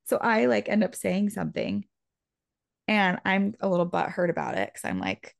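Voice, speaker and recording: Animated, gravelly young woman storyteller. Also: mid-range voice, a little slow, pauses often, no echo, studio quality. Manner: animated, chatty, frequent "like" fillers. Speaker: podcast co-host. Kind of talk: casual storytelling chat.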